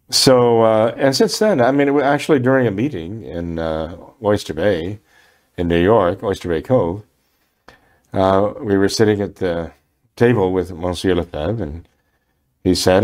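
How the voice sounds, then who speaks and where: Older man, priest, low voice, halting, full of ums and restarts. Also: darkish tone. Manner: hesitant, many fillers and restarts. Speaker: priest answering questions. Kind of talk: unscripted question-and-answer program.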